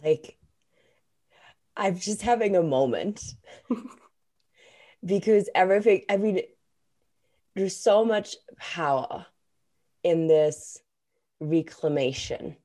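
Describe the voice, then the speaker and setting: A woman's voice: low voice, takes it slowly, pauses often, mellow. A woman hosting a casual conversation, talking with enthusiasm and emphasis and swearing now and then. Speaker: podcast host.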